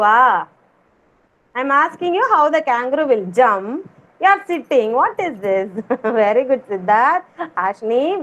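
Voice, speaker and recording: A woman's voice: high voice, fairly bright tone. A woman teaching a kindergarten class over a video call, coaxing the children with sing-song, repeated questions. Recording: noisy video call audio.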